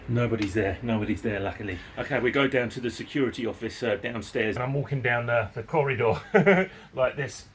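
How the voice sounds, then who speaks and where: Chuckling and cursing a little, a middle-aged man recounts a story for his vlog audience in an eager, talkative manner. Slight background noise sits under his mid-range voice.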